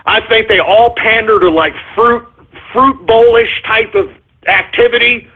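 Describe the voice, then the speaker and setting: A man's voice: high-pitched, unhurried, slightly rough. A man hosting a talk radio show, ranting and rambling, repeatedly asking "all right?", over a tinny phone-line sound.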